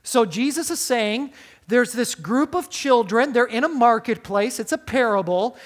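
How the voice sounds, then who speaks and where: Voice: medium pitch, lively intonation, a little slow. Preacher in mid-range voice, emphatic sermon delivery, keeps quizzing the congregation. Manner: asks the listeners frequent rhetorical questions; emphatic, with wide swings in loudness. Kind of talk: sermon on a Bible passage.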